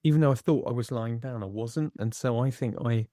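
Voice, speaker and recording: A man speaking as a podcast guest in a candid conversation, measured and reflective, pausing between phrases. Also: medium pitch, dark tone, dry recording, clean studio sound.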